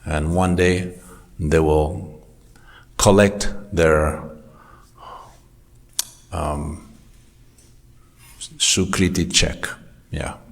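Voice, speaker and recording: Male temple class speaker with a rumbling low voice who tells stories in an easygoing way. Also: steady tone, drawn-out words, vocal fry, long pauses. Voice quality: anecdotal, conversational storytelling. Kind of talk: informal scripture class talk. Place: temple hall.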